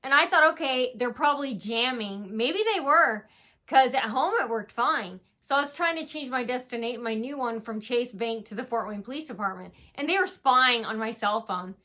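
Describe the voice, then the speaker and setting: A woman's voice: a little high, lively intonation, bright, forceful tone. A woman vlogger telling a long story in a rambling, casual way, with restarts and acted-out quotes. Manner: talks fast, with many restarts and acted quotes.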